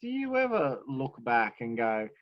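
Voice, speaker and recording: A man's voice: mid-range voice, wildly swooping pitch, measured pace, background noise. A man hosting a casual interview podcast, asking rambling questions with restarts. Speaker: podcast host. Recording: dull, dry lo-fi recording.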